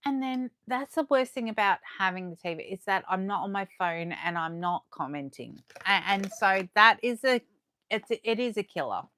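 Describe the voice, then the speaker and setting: A woman chatting excitedly to viewers as she unboxes collectibles live, her voice going a little hoarse. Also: mid-range voice, normal speed. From Australia. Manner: chatty and excitable, gasping and laughing, talking to viewers. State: losing her voice. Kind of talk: casual live unboxing chat.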